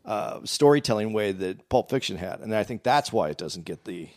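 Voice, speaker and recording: A man's voice: lowish voice, animated, moderate pace. A man co-hosting a podcast, talking casually, restarting his sentences often as he explains his opinion at length. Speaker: podcast co-host.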